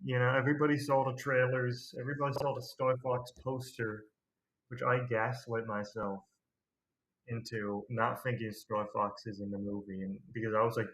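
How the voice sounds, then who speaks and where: A man's voice: mid-range voice, flat delivery, moderate pace, a bit bright, a little hiss or hum. A man hosting a casual movie review video, rambling and slangy with a sarcastic streak. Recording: dull lo-fi recording.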